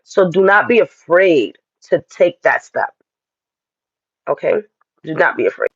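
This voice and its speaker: Guy doing a chatty tarot reading, kinda high voice, dry dull lo-fi sound. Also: sing-song, unhurried, a bit bright, husky, dry recording. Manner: chatty, direct, addresses viewers as y'all. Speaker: astrology and tarot reader. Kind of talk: casual spiritual reading to viewers.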